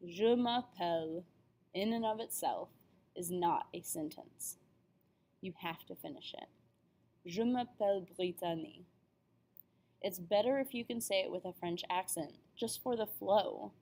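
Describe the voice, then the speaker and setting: A French teacher, a young adult woman with a slightly low, a little mellow voice, leads an introductory language lesson in a classroom video. She's upbeat and careful over pronunciation.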